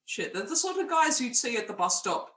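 Bright, crude young Australian voice. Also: medium pitch, brisk. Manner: animated, crude and frank. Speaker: podcast co-host. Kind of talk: casual film review chat. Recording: roomy echo, faint background noise.

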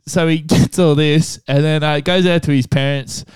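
A man's voice: fairly high pitch, steady tone, moderate pace, a little mellow, smooth, dry recording. A man hosting a podcast, telling a story in a crude, joking way. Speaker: podcast host. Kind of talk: casual comedic chat.

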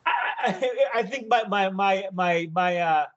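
A man with a high-pitched voice spins a wild story on a podcast, animated and full of swearing. He breaks into loud shouted impressions of himself when he quotes his own reactions. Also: normal speed, highs cut off, a crowd in the background. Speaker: podcast co-host. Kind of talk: casual storytelling chat.

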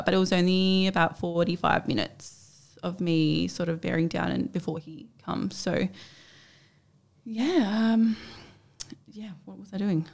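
A woman's voice: mid-range voice, vocal fry. Chatty young Australian woman. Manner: chatty, animated, acts out quoted speech. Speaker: podcast guest. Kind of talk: casual personal storytelling.

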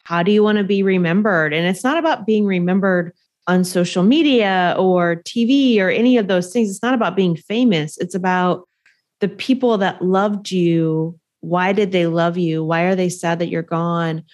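A woman's voice: lowish voice, moderate pace, darkish tone. A woman coach and podcast co-host speaking earnestly, posing reflective questions in casual conversation.

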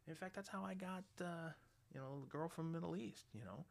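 Crude, gravelly middle-aged radio ranter. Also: male voice, on the high side, fairly quick. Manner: blunt, crude, swears constantly, gets loud and animated. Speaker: radio host. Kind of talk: profane ranting monologue.

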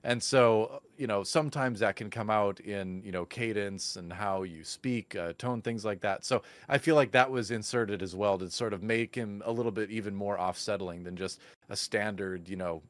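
Lower voiced guy cohosting a podcast, laid back, rambles a bit, dry sound. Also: normal speed, hardly any pauses, no room sound. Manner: relaxed, thoughtful, slightly rambling. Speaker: podcast co-host. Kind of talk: casual podcast chat.

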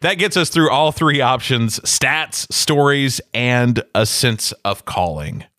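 A man's voice: medium pitch, expressive, takes it slowly, pushed and bright, dry recording, clean studio sound. A man co-hosting a podcast, talking in an upbeat, conversational way and asking guiding questions. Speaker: podcast co-host. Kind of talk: casual podcast chat.

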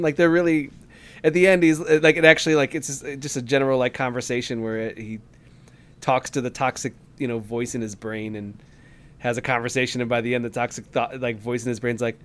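A man co-hosting a podcast, chatting casually in a halting, rambling way with lots of fillers, sometimes acting out lines in quick voices. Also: mid-range voice, little pitch movement, clear, resonant tone. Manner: acts out game dialogue in quick voices. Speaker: podcast co-host. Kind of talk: casual chat.

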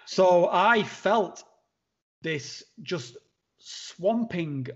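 A man tells a long story as a podcast guest, his voice a little high for a man. He talks haltingly, with many restarts and fillers. The audio is dull and lo-fi. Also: expressive. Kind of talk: conversational storytelling. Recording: dull lo-fi sound.

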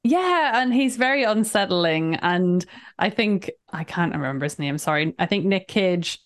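A woman's voice: fairly low pitch, animated. Chatty woman podcast co-host. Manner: chatty, quick to laugh, responsive. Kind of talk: casual movie chat.

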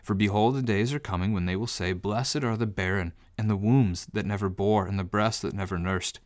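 A man voicing Jesus in a scripture reading, with a measured, grave delivery. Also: fairly low pitch, steady tone, no room sound, clean studio sound, close to an everyday voice. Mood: solemn. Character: Jesus, calm grown man, steady and solemn.

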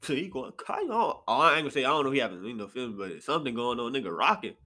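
A man hosting a casual solo podcast from his apartment, swinging between sudden high exclamations and low mutters. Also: racing. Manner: animated, jumps into sharp high outbursts then drops to low mutters. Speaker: podcast host. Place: apartment room.

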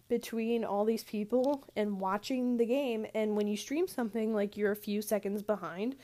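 A woman's voice: mid-range voice, moderate pace, few pauses, dark tone. A young woman telling a rambling story in a casual chat style, full of fillers and asides. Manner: rambling, chatty, lots of "like" fillers. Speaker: vlogger.

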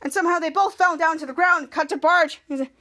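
A woman's voice: very high voice, fast, pushed and bright. A woman hosting a podcast, recapping a TV episode scene by scene in rambling, repetitive narration. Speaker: podcast host.

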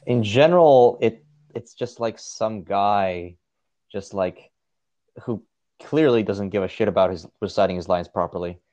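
A man's voice: on the low side, measured pace, darkish tone. A man co-hosting a casual podcast chat, trading dry, sarcastic jokes about ads. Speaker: podcast co-host.

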